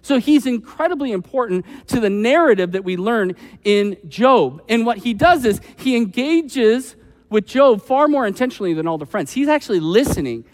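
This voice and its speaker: High-voiced preacher in a reverberant hall. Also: male voice, moderate pace. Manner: animated, acts out quoted voices; conversational, with frequent "like" asides. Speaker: pastor. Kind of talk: sermon.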